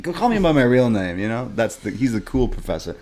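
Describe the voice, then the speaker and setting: A man's voice: medium pitch, sing-song, fast, a crowd in the background. Laughing man retelling wrestling scenes. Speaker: podcast co-host. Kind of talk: casual chat recapping wrestling.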